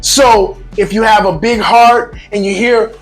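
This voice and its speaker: A man hosting a casual vlog, talking to viewers in a lively, joking way with emphatic asides. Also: high-pitched, measured pace, faint music behind. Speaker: vlog host.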